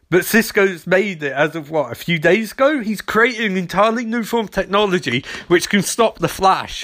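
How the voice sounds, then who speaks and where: Male, slightly high voice, casual sarcastic episode recap, quick mocking character bits. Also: fairly bright tone. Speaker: TV episode reviewer.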